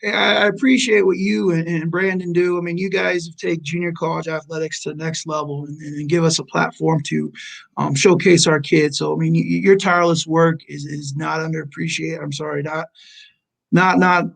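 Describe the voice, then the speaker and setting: A man in his forties tells a story on a remote call, earnest and halting, often restarting his words. His voice sits a little high with a gravelly edge. He sounds like a coach speaking from experience. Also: steady tone, fairly bright tone, low-quality recording. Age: 40s. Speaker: junior college basketball head coach.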